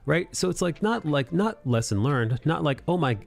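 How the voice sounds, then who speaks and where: Guy on an art livestream ranting, swears a lot, mocks people in silly voices, soft music behind. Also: fairly high pitch, normal speed, creaky. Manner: animated, swears freely, acts out mocking quotes. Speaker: livestream host drawing and chatting. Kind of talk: casual rant on a live art stream.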